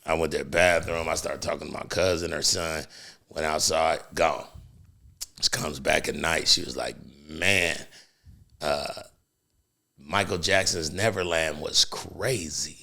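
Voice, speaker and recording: A man's voice: a bass voice, measured pace, vocal fry. A middle-aged man, a comedian guest on a podcast, telling stories in a casual, slangy way and acting out the people he quotes. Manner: animated storyteller, slangy, acts out quotes. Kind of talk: casual storytelling chat.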